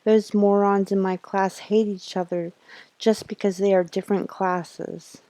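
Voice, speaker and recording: A woman voicing a sullen, withdrawn schoolgirl in a horror game, read in a flat, unexcited way. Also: medium pitch, a little slow, no room sound, lightly acted.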